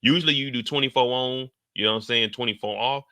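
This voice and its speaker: A man hosting a live stream, reacting to a TV episode in slangy, animated storytelling with sudden loud, high outbursts. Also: fast, no echo. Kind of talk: casual live reaction commentary.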